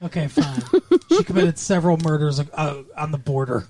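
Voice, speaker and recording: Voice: medium pitch, normal speed, darkish tone, slight background noise. A podcast co-host in casual recap chat, joking and laughing often between lines. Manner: jokey, laughs often, slips into silly voices.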